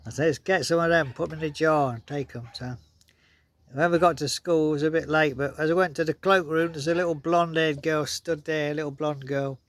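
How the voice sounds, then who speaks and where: A man's voice: on the high side, fairly even intonation, fairly quick, a bit bright. A man casually telling childhood stories to his viewers, rambling and chuckling often. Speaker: vlogger. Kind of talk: casual storytelling.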